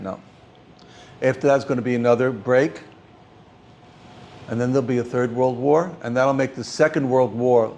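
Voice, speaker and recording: An older man, teaching an informal class as a rabbi, halting and repeating words as he speaks. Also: mid-range voice, creaky, a little hiss or hum. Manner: halting, repeats words often, animated when stressing points. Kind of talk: informal Torah class talk.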